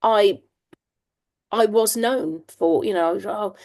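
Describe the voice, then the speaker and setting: Chatty gravelly-voiced woman in her fifties. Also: on the low side, moderate pace, a little mellow. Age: 50s. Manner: chatty, laughs often, many ums and restarts. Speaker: podcast guest. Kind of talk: candid storytelling.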